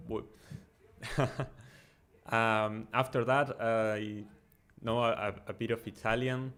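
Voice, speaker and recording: A man hosting a football watchalong, giving excitable, chatty live commentary with frequent ums and uhs. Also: fairly low pitch, takes it slowly, long pauses, smooth. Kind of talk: casual live match commentary and chat.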